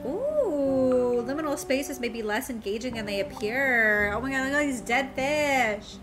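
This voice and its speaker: Giggly streamer girl, kinda high voice, music going in the background. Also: animated, a little slow. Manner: playful, giggly, exclaiming. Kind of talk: live game commentary. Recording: game music behind voice.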